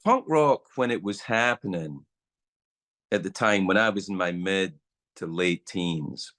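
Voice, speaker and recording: A man in his sixties tells stories in a relaxed podcast conversation. His voice sits fairly low. He jumps up in pitch to act out the people in his stories. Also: unhurried. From Scotland. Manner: animated storyteller, acts out voices. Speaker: guest. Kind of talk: casual storytelling in a podcast chat.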